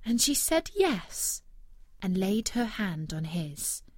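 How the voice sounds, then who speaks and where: A woman reading a fairy tale aloud in an expressive, storytelling way. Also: medium pitch, takes it slowly, dry recording, studio quality.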